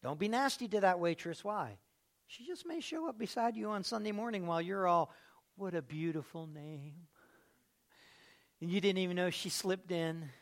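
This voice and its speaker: A man preaching a sermon as pastor, asking the congregation questions and swinging between loud, drawn-out lines and hushed ones. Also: high voice, expressive, vocal fry.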